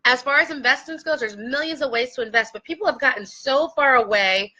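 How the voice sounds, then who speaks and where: A woman who invests in real estate gives a heartfelt, impassioned direct-to-camera talk coaching her viewers, at times near tears. She speaks a little fast in a high-pitched, pushed, bright voice. The audio sounds dull.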